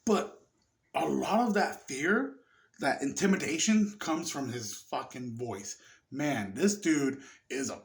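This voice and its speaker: A tipsy man rambling through a casual film review, swearing often and getting excited. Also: mid-range voice, slow, gravelly. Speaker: movie reviewer.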